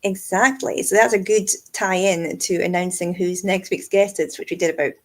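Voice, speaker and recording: A Scottish woman co-hosting a casual whisky chat, chatty and self-mocking, laughing often, with a squeaky voice. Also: fairly even intonation, moderate pace. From Scotland. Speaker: whisky shop co-host.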